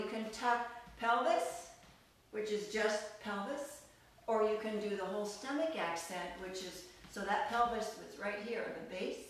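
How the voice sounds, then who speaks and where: A woman's voice: medium pitch, far from the mic, slight background noise. A woman teaching a live online belly dance class, counting beats in a sing-song voice and explaining moves in a chatty, upbeat way, recorded by a camera mic across the room in a studio. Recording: echoey room, voice from away from the mic, music playing. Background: dance music.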